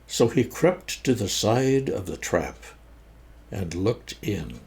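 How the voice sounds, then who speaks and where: An older man reading a children's book aloud as a storyteller, in an expressive, sing-song storytelling manner. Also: on the low side, slow.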